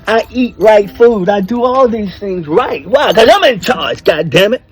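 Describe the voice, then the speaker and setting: A man's voice: high voice, lively intonation, measured pace, breathy edge. An older man, talking bluntly and preachily about marriage, swearing freely and stressing his points. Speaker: speaker giving advice to men. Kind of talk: casual monologue.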